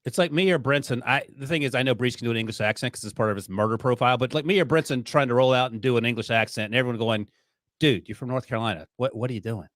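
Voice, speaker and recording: A man co-hosting a sports podcast, joking in a quick, wry way. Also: mid-range voice, a bit bright, no echo. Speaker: podcast co-host. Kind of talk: casual sports podcast chat.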